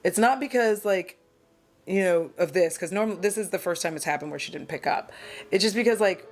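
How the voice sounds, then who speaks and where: Faint music plays behind a woman with a fairly low voice who speaks a little fast. She's a beauty vlogger doing her makeup at home in a casual get-ready-with-me vlog, chatty, rambling, candid, and self-deprecating.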